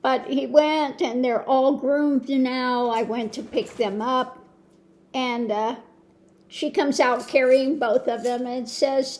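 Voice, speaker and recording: An older woman rambling about her day in a casual, chatty way, with soft laughs here and there. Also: high-pitched, fairly even intonation, slow. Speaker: tarot reader and vlogger. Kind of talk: casual chat.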